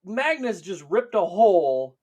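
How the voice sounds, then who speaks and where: Man, podcast host, high voice, profane, laughing storyteller. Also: big pitch swings, unhurried, a little mellow. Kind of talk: casual chat.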